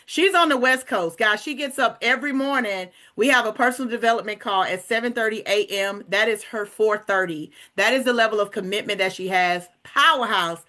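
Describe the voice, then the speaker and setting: A woman hosting a recruitment call, pitching with upbeat energy and calling her listeners "guys.". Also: bright, forceful tone. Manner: hyped, addresses listeners as guys.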